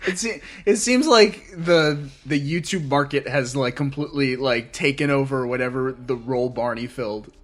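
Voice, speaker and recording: A man's voice: medium pitch, moderate pace, few pauses, a bit bright. Laid-back man chatting with a laugh. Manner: laughs often, restarts sentences. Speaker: podcast co-host. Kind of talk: casual chat.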